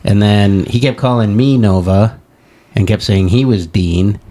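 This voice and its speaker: A man's voice: on the low side, unhurried, mellow. A man co-hosting a comedy podcast, telling a rambling story full of fillers in casual chat. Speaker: podcast co-host.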